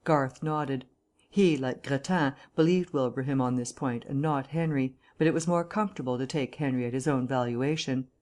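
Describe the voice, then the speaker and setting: Woman reading a novel aloud, measured. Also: rumbling low, darkish tone. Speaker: audiobook narrator. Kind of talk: scripted audiobook narration.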